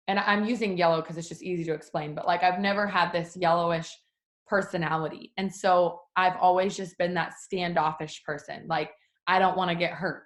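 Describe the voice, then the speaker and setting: Chatty young woman talking to her team. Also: fairly bright tone. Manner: chatty, jumps up high when acting out her own thoughts; frequent likes and restarts, addresses listeners as you guys. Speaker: team leader. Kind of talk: casual talk to her team.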